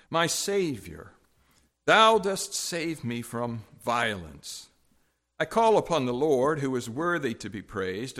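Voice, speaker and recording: A man preaching a sermon at an unhurried pace, his voice sitting in an ordinary middle register. He pauses often with fillers, then reads a long scripture passage aloud in a measured, steady way. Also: mid-range voice.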